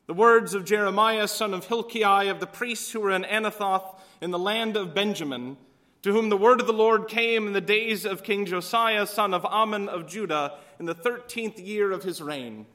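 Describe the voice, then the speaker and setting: A man's voice: high-pitched, sharp tone. A male pastor preaching a sermon, telling stories and voicing the people in them. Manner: storytelling with voiced quotes.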